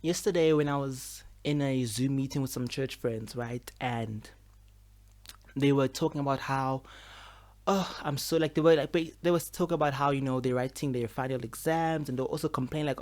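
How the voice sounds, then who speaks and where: A man's voice: medium pitch, normal speed, a little mellow. A man speaks straight to his camera from home. He talks in a loose, chatty way, full of fillers. There is frustration running under it. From South Africa. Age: 20s. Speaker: medical student vlogger. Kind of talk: casual vlog monologue. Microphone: camera with a mic.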